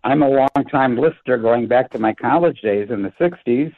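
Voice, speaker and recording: Older male caller on a tinny phone line. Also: mid-range voice. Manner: friendly, recounting dates, halting with fillers. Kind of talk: call-in talk radio.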